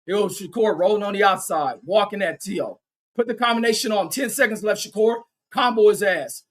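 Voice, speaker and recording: A man with a high voice calls a boxing match live as a fan commentator. He is excitable and profane, shouting encouragement at his favorite fighter. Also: a little fast. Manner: reads viewer chat aloud.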